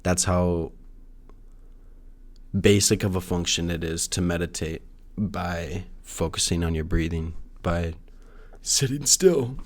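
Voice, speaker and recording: A man's voice: low-pitched, level tone, measured pace, long pauses. A young man talking alone in a casual, rambling monologue, full of restarts and fillers and the odd swear word. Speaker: solo podcaster. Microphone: no camera, audio only.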